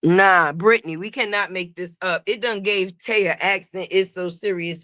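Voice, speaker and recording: A woman hosting a casual gossip commentary stream, profane and animated, talking straight to her viewers. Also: medium pitch, moderate pace, few pauses, no room sound, studio quality. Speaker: host.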